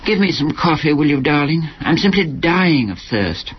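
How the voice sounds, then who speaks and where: A man's voice: fairly high pitch, big pitch swings, normal speed, pitched above the performer's own voice. A man putting on a gushing young actress. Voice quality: gushing, theatrical and breathy-sweet. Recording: lo-fi recording with faint hiss.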